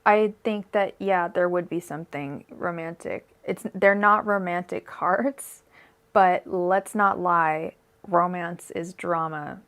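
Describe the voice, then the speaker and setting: A woman's voice: on the low side, slow pace, a bit bright. A young woman giving a live-streamed tarot reading, rambling and emotional, with many fillers and restarts. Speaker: tarot reader.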